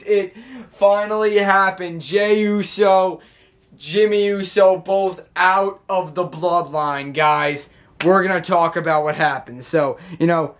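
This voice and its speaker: A young man with a high, light voice runs through his weekly recap, talking fast and eagerly. He breaks into laughter easily and keeps the tone loose and chatty, like he's catching up with friends. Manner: excitable, chatty, quick to laugh. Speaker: wrestling show recap YouTuber. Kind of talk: casual recap to camera.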